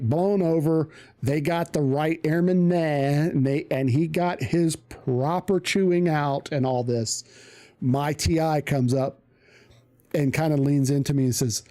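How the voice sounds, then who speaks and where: A man's voice: fairly high pitch, mellow. A male streamer telling a casual story, rambling with restarts and plenty of swearing.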